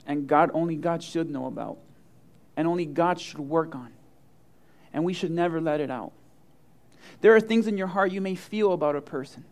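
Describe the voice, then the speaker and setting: A middle-aged male pastor preaching a sermon, telling funny personal stories and acting out the quotes with big swings in voice. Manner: animated storyteller, acts out quotes with big swings of pitch and loudness.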